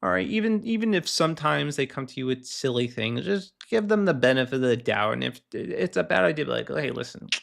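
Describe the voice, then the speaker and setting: A man hosting a casual solo show, ranting and telling work stories in an animated way, acting out the people he quotes. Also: medium pitch, brisk, creaky, few pauses. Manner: animated storytelling, acts out quoted callers. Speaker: podcast host. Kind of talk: casual solo rant, reading posts aloud.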